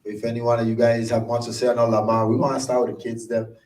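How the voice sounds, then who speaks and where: A man's voice: mid-range voice, little pitch movement, fast talker, darkish tone. A middle-aged man with a Virgin Islands accent, the emcee of a tribute event, speaking casually and from the heart in dialect grammar. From Saint Croix, U.S. Virgin Islands. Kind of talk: unscripted tribute speech. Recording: echoey room from far off.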